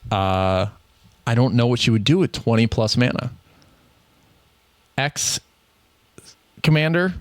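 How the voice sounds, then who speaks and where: A man's voice: medium pitch, no echo. Rambling Midwestern man, dry close mic. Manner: rambling, self-correcting, laughs often. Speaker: podcast co-host. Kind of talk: casual card game chat.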